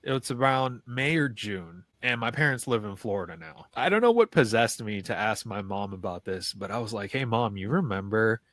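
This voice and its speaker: A man's voice: on the low side, big pitch swings, normal speed, hardly any pauses, a bit bright, no echo. A man, telling a personal ghost story in a loose, conversational way as a podcast guest. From New York City. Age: 30s. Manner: loose and conversational, many "like" fillers and restarts. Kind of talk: casual storytelling of a paranormal experience.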